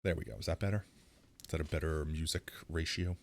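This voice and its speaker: A man's voice: a bass voice, fairly even intonation, a little fast, gravelly, no echo. A man streaming live with a sore throat, rambling casually into a close mic while he plays. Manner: rambling, self-deprecating, reacts loudly.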